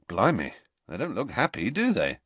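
Male reader as mopey grumbling teen boy, lowish lively voice. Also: moderate pace, no echo, heavily acted. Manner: plaintive, grumbling.

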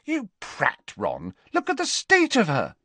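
A man's voice: wildly swooping pitch, a little slow, pushed and bright, husky, no room sound, full character voice. Ginny, a man voicing a fiery teenage girl. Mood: angry scolding. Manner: high, indignant.

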